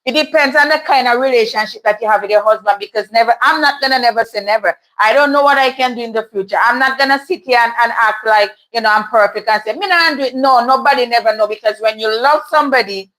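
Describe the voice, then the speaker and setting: A woman talks casually to her live audience, answering their comments with frank, chatty opinions. Her voice sits slightly on the higher side. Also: fast talker, few pauses, a bit bright, low-quality recording. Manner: candid, chatty, laughs often. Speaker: livestream host reading chat. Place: home in Toronto.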